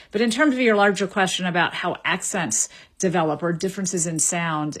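A woman, a linguist guest, answering interview questions in a measured, lecturing way and repeating words as she thinks. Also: on the low side, a bit bright, breathy edge. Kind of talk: explanatory radio interview answers.

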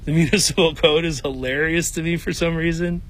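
A man with a Chicago accent chats playfully about his podcast. His voice is somewhat high and husky. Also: fairly even intonation, a little fast, fairly bright tone. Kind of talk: casual interview talk.

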